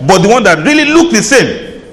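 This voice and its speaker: A man's voice: extremely high pitch, very animated, fairly quick, a bit bright, long reverb tail. A man giving an Islamic lecture, chatty and humorous, laughing at his own asides. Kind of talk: lecture to an audience.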